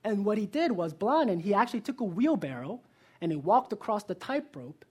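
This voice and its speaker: A male pastor delivers a sermon with a slightly breathy, husky voice. He talks earnestly and puts pointed questions straight to his listeners. When he tells a story, it comes alive with energy. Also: high-pitched, a little fast. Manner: lively storytelling.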